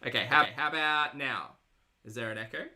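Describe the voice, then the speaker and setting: Reading out chat messages, a reaction-channel host chats and snarks through her livestream. Her voice rumbles low yet sounds bright and forceful, and she speaks fast.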